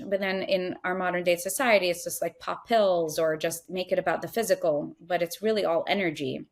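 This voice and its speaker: A woman's voice: fairly low pitch, a little fast, few pauses. A woman speaking earnestly as a podcast guest, giving a spiritual coaching talk and voicing inner thoughts in little quoted asides.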